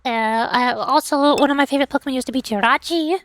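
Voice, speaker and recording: A woman hosting a livestream, chatting casually in a playful, excitable way and teasing her chat with mock indignation. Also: high voice, quick pace, faint music behind. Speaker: livestream host.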